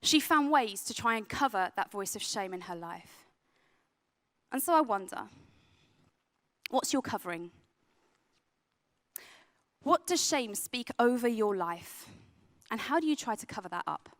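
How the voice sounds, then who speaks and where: A young adult woman who works with youth, giving an earnest sermon that drops to a soft, hushed tone on heavy points. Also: on the high side, expressive, a little slow, long pauses. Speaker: youth worker and speaker. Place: event venue.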